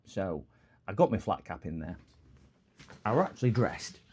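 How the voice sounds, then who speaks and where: Rambling northern English man, mellow voice. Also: sits low, very animated, normal speed, slight background noise. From northern England. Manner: rambling, digressive storyteller. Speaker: electronics repair streamer. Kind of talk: casual live-stream chat.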